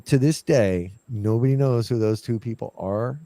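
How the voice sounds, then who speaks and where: A man's voice: medium pitch, normal speed, no room sound. A man casually telling a ghost story from his investigations, acting out what he and others said. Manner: animated, acts out his own past lines.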